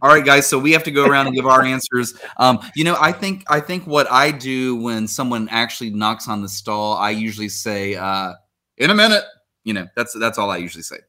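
A man's voice: mid-range voice, steady tone, brisk, hardly any pauses, sharp tone. A man hosting a casual comedy podcast, reading listener answers aloud and laughing often.

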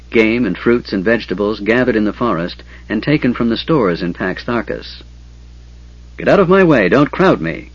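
A man reading a fantasy novel aloud in a steady, measured storytelling voice. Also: on the low side, breathy edge. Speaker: audiobook narrator. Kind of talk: scripted fantasy narration. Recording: dull lo-fi audiobook recording.

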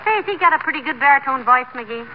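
An actress playing a sensible, patient wife with a gentle, teasing manner, in a radio comedy. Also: female voice, high-pitched, expressive, quick pace. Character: sensible, patient wife, middle-aged woman. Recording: muffled old radio broadcast with hiss.

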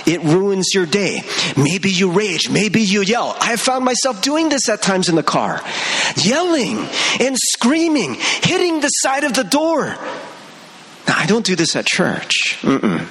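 A young male pastor giving a sermon in an animated, conversational way, laughing between points and talking straight to the congregation. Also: sits high, a little slow.

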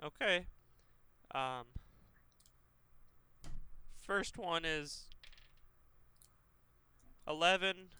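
A man's voice: a little high, drawn-out words, long pauses, bright, forceful tone, clean tone. A young adult man playing in a tabletop game, laid-back as he counts out his dice rolls. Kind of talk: casual game chat.

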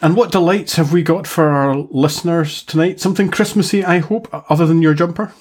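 A man's voice: fairly high pitch, fairly quick, darkish tone, slightly rough. A man co-hosting a casual tech podcast, talking with dry, self-mocking humour. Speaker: podcast co-host. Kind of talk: casual chat.

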